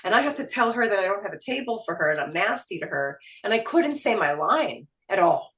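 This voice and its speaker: A middle-aged woman from Queens with a New York accent, telling stories as an interview guest in an animated, salty way. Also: medium pitch, fairly quick, recorded from a distance. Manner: animated, quotes people in put-on voices, swears casually. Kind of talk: casual storytelling interview. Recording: roomy sound, voice a bit off mic.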